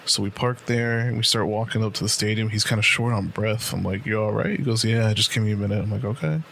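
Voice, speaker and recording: A man's voice: lowish voice, fast, creaky, a bit bright, a little hiss or hum. A man in his late twenties co-hosting a podcast, telling a long casual story with lots of profanity and fillers. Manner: loose, profane storytelling full of "like" and "right?". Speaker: podcast co-host.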